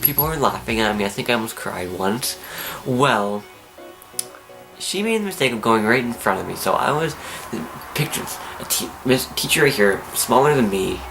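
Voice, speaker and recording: A teenage young man, telling a story to camera in an excitable, animated way. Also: mid-range voice, normal speed, vocal fry, music in the background. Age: teens. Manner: excitable, animated, acts out his own screams and whispers. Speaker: vlogger.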